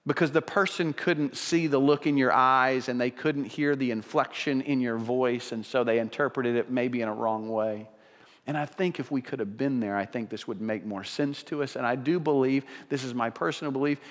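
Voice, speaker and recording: A man preaches to his congregation in an earnest, emphatic way, circling back and restarting phrases as he presses each point home. His voice sits in an ordinary middle register. It rings out with the long reverb of a large church sanctuary. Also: medium pitch. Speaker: pastor. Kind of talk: sermon.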